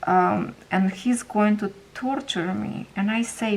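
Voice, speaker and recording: Slow, halting woman with a Ukrainian accent. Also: mid-range voice, gravelly, slight background noise, rough recording. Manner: halting, searching for words. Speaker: craft vlogger. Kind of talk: casual storytelling while organizing.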